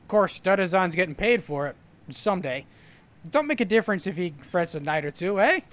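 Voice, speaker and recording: A man voicing a boastful, rambling drunken sailor who talks in rough old sea dialect. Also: sits high, expressive, fairly quick, a bit bright.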